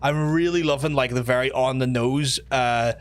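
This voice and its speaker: A man's voice: mid-range voice, steady tone, normal speed, clean tone. Chatty northern Irish man streaming a game. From Ireland. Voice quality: slightly nasal. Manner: chatty, rambling, sweary, thanks viewers by name. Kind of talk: casual livestream chat while gaming.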